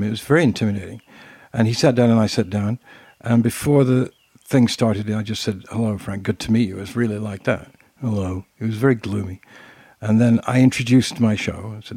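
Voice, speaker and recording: An older man with a British accent, co-hosting a casual chat and telling anecdotes in an animated way. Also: lowish voice, breathy edge, no room sound, studio quality. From Britain. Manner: storytelling, animated asides. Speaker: co-host.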